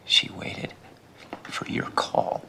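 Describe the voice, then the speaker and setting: An actor playing a bitter grown son speaking to his dying father in a hushed, seething, broken voice. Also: drawn-out words, whispered. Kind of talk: film drama.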